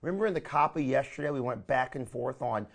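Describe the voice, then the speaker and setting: A man teaching a live online marketing training, energetic and coaching, often calling his listeners "my friend". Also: mid-range voice, fast talker, creaky.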